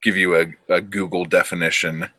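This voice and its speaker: A man's voice: deep voice, little pitch movement, a little fast, pushed and bright, dry recording. A man in casual podcast chat, recapping a film in a rambling, profane way and acting out characters in quotes. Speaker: podcast co-host.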